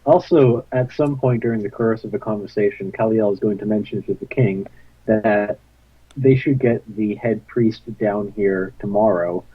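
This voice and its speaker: A man's voice: on the low side, normal speed, slightly rough, no room sound, highs cut off. A man playing in a tabletop game, speaking plainly. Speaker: player.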